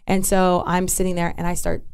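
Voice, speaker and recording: A woman telling a personal story in an interview, candid and halting, with restarts and asides. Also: on the low side, completely flat delivery, a little mellow, smooth. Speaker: interview guest.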